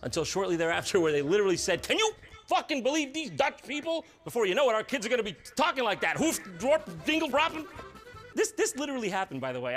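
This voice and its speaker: A man delivering sarcastic, swearing comedic narration, with bursts of shouting. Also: high voice.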